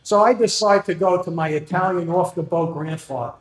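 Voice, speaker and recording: A man's voice: sits high, fairly quick. A man in his sixties doing an open mic stand-up set with wry, self-deprecating stories. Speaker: stand-up comedian. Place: comedy venue with live audience. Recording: echoey room.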